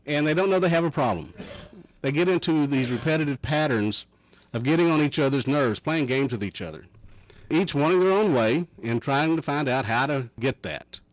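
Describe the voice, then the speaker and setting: A middle-aged man, a counselor, talking in a folksy, measured way and telling anecdotes. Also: on the high side, expressive, no room sound, low-quality recording. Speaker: counselor guest. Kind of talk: casual chat.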